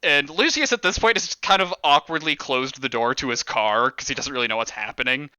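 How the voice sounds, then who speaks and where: A man's voice: mid-range voice, a little fast, pushed and bright, clean tone, no room sound. A man narrating a tabletop game as game master in a loose, casual way.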